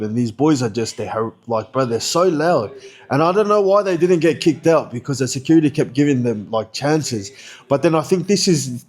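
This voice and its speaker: A young man with an Australian accent telling a story in casual, slangy speech, laughing often and jumping higher in pitch when he gets excited.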